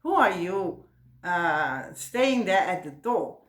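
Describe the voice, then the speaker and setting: A man's voice: sits high, sing-song, takes it slowly, a bit bright, exaggerated voice. A woman voicing an angry male god. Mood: stern. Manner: demanding, insistent. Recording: roomy echo.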